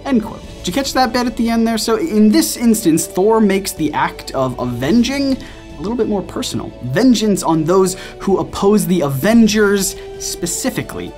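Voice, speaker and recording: A man's voice: high-pitched, lively intonation, moderate pace, a little mellow. A man hosting a scripted commentary video, speaking in a playful and self-mocking way. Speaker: video essay host. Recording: faint music behind.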